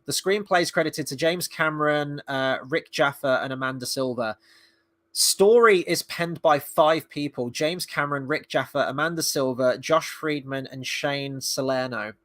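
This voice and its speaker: A man's voice: fairly high pitch, fairly bright tone. A man giving a blunt, exasperated film review in casual, sweary talk.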